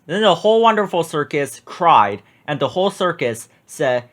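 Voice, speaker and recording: A man reading a children's picture book aloud with expressive, drawn-out emphasis. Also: fairly high pitch.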